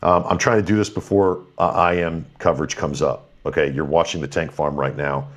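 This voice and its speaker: A man's voice: rumbling low, fairly even intonation. A man hosting a live stream, thanking viewers and running through their messages in an upbeat, slightly tired way with lots of fillers. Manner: upbeat, thankful, quick rundown with fillers and restarts. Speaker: livestream host. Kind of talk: live stream commentary, reading super chats.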